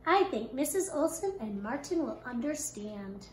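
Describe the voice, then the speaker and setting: A woman voicing a kind father in a children's story, speaking softly and comfortingly. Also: a little high, expressive, measured pace, echoey room, slight background noise, rough recording. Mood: reassuring.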